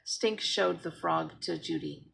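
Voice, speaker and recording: A woman reads a children's chapter book aloud in an expressive, animated way. Her voice sits slightly low and is full of gravelly creak. She keeps a slow, unhurried pace. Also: a little hiss or hum, low-quality recording. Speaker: storybook reader.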